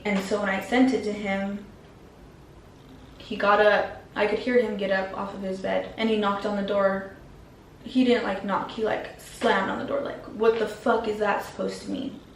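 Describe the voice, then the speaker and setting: A woman vlogger tells a personal story straight to camera, in a blunt, slangy, casual way. Her voice sits at a middling pitch and sounds set back from the mic, with a roomy echo and a faint hiss behind it. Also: far from the mic.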